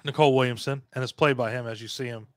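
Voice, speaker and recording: A man's voice: medium pitch, steady tone, quick pace, no room sound. A man co-hosting a podcast, rambling profanely through a movie review and acting out characters' lines. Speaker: podcast co-host. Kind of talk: casual movie review chat.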